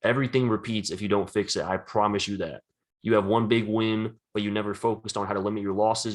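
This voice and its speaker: A man's voice: on the low side, brisk. A man giving casual, earnest advice about trading habits, rambling and saying "like" often. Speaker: trading educator.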